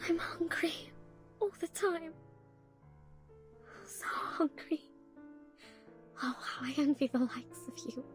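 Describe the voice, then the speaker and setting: A woman's voice: high voice, slow, long pauses, faint music behind. A woman voicing a frightened, ever-hungry young woman who pleads for her life in a game. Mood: hungry, wistful. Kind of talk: game voice acting.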